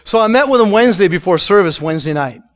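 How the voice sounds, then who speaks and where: A man preaching a sermon as a pastor, telling a personal testimony and moving between loud emphatic lines and hushed soft ones. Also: high-pitched, animated, fast.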